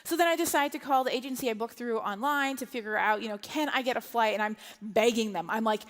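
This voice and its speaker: A woman in her thirties telling an animated personal story from a church stage, gasping and acting out other people's voices. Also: fairly high pitch, fast talker, hardly any pauses. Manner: animated, acts out others' voices, breathless gasps. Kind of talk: sermon storytelling. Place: large church hall. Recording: long hall reverb.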